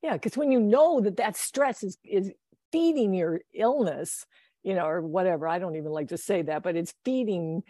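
A woman's voice: medium pitch, animated, moderate pace, mellow, dry recording, studio quality. A woman talking in a casual conversation, rambling with many restarts and laughing often. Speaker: guest.

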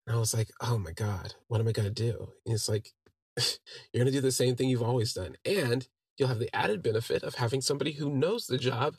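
In clean studio sound with no room noise, a podcast host tells a personal story conversationally, relaying quoted dialogue from his friends. His mid-range voice is brisk with a breathy edge.

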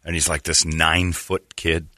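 A man's voice: a bass voice, flat delivery, moderate pace, sharp tone, dry recording, clean studio sound. A young man co-hosting a talk show, telling a story in a casual, sardonic, mocking way. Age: young adult. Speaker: radio show co-host. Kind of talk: casual comedic chat.

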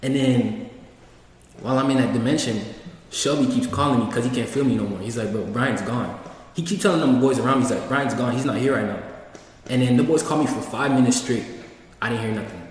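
A young man with a medium-pitched voice, talking a little fast, rambles through a story in slang and acts out people's lines. The sound is echoey with a distant mic and faint hiss.

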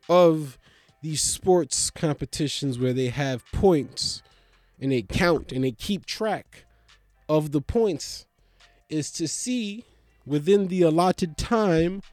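A man ranting in a profane stand-up comedy style, animated, swinging between mocking voices and loud outbursts. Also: fairly high pitch, takes it slowly, no echo, studio quality, faint music behind.

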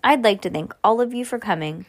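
A woman reading aloud and voicing a pet store lady who announces prizes briskly. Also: medium pitch, lively intonation. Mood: announcing.

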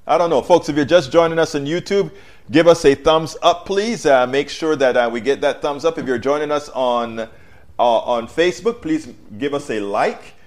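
A man hosting a live-streamed political talk show on a wireless mic, talking to viewers as folks and breaking into loud, emphatic outbursts. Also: a little high, moderate pace. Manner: animated, addresses viewers as folks.

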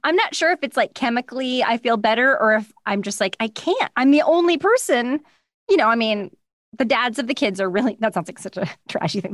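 Woman guest on a call from her home studio, highish voice, acts out everyone she quotes, dry close mic. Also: big pitch swings, moderate pace, no echo. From United States. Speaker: guest voice actor. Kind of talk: casual interview chat. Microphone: studio microphone.

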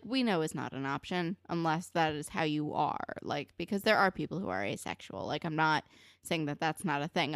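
A woman's voice: sits low, clean tone, no room sound. Chatty woman recapping a show, dry sound. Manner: chatty, filler-heavy, animated retellings. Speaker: podcast co-host recapping a TV episode. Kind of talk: casual chat.

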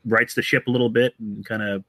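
A man's voice: fairly low pitch, flat delivery, brisk, fairly bright tone, no echo. A man co-hosting a casual sports chat, thinking aloud with lots of "you know".

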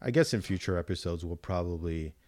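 A man chatting casually about a TV show, animated, acting out his reactions and swearing freely. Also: sits low, brisk, dry recording. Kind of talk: casual review chat.

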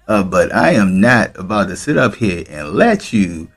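A man hosting a podcast, reacting in slow, halting, profane commentary with sighs. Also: on the low side, very animated, husky, faint music behind. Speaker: podcast host.

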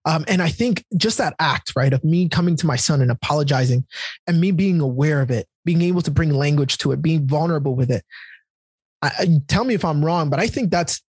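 A man's voice: a little high, animated, a little fast, a little mellow, breathy edge, no echo. A man in his thirties hosting a podcast, telling a personal story candidly and with feeling in casual conversation. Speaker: podcast host.

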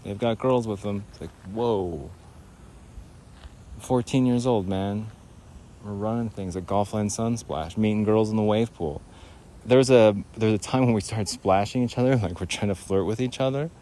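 A man's voice: on the low side, normal speed, dark tone, a little hiss or hum. A man rambling through a nostalgic comic story in a podcast, correcting himself as he goes and breaking into laughter. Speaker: comedian host.

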